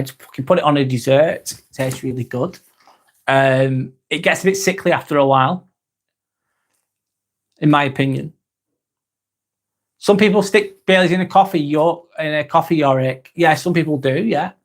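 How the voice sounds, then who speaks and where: Guy on a live stream, kinda high voice, laid back, reading chat comments with ums and the odd swear. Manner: relaxed and chatty, with frequent ums and casual swearing. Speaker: live vlog host.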